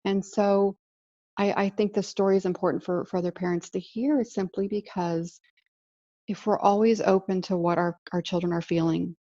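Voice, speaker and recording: A woman's voice: medium pitch, fairly even intonation, normal speed, dark tone, dry recording. A woman podcast host telling a heartfelt personal story in an earnest, reflective way over an online call. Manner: earnest, heartfelt, speaks of feelings with emotion. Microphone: online call setup. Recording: dull, muffled call audio.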